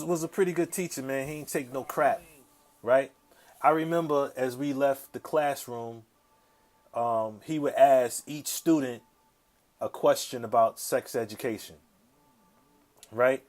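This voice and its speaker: A man, hosting a podcast and telling a casual, profane story in slang, often checking in with the listener. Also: mid-range voice. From south side of Chicago, USA. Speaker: podcast host.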